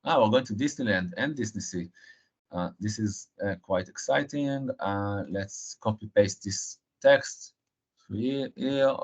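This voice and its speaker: A man presenting a live technical software demo, halting and filling pauses with frequent uh and um. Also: lowish voice, breathy edge. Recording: dull lo-fi stream audio.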